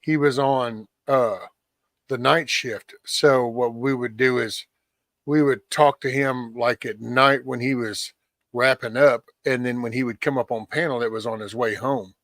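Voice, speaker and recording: A man's voice: medium pitch, a little slow, dry recording. A man, hosting a live stream and telling stories in casual chat, acting out quotes and swearing freely. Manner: animated storyteller, acts out quotes, swears freely.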